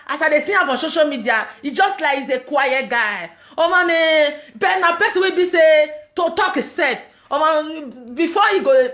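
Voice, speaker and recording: A Nigerian woman giving an impassioned social media message, emphatic and repetitive, often shouting and laughing between words. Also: high voice.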